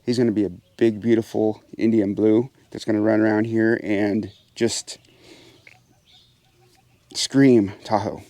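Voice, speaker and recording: A man's voice: fairly low pitch, little pitch movement, unhurried, long pauses, mellow, dry recording. A man hosting a casual farm vlog from outdoor aviary pens, chatting to viewers and talking to his birds in a raised, coaxing voice. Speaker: pheasant farmer and channel host. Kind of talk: casual vlog narration while doing chores.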